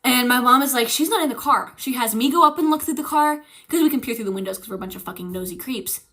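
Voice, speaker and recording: A young woman streamer casually telling a ghost story, animated and swearing, acting out the quotes. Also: fairly high pitch, fast.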